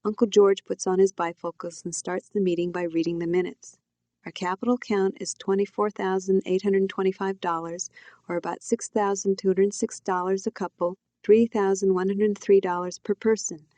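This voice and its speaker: A woman, the author, reading her own novel aloud in a quiet, reflective first-person telling. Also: mid-range voice, no room sound. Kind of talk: audiobook narration.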